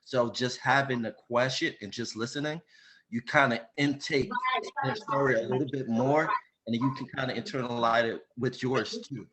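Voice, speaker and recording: A man's voice: mid-range voice, fairly even intonation, normal speed, a bit bright. A man taking part in a group workshop over a video call, sharing casually and repeating words as he thinks. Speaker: workshop participant.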